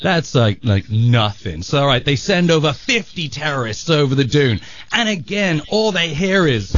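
A man on a radio show telling a joke on air, an animated storyteller who bursts into sound effects. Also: medium pitch, measured pace. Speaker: radio show regular at the control board. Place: radio studio. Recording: dull lo-fi radio broadcast.

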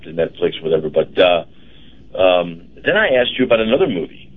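A man's voice: deep voice, big pitch swings, a little fast, breathy edge, narrow, tinny audio. A middle-aged man hosting a casual talk radio chat, rambling with many fillers and restarts. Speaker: radio host.

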